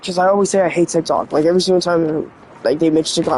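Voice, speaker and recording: A man's voice: on the high side, fairly even intonation, racing, darkish tone, a little hiss or hum, poor audio. A teenage boy vlogging in an earnest, rambling way, full of "like" fillers, his voice slightly sick and cracking. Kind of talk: confessional vlog talk.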